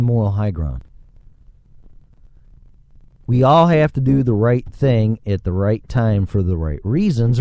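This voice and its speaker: Guy ranting on his podcast mic, sarcastic, swears a lot, pitch jumps all over, dry sound. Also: mellow, no room sound. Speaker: podcast host. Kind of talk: solo podcast rant. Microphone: studio microphone.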